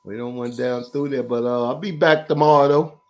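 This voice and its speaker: A man's voice: mid-range voice, steady tone, moderate pace, muffled recording, a crowd in the background. A man joining a late-night podcast, laid-back and tired, speaking in casual slang.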